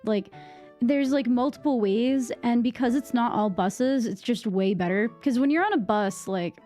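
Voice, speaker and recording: A young woman from Massachusetts with a Boston accent, chatting casually with her stream viewers, rambling with lots of fillers, on a boom-arm mic at home. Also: normal speed, warm tone, faint music behind. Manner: rambling, many fillers and restarts. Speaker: live streamer. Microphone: microphone on a boom arm.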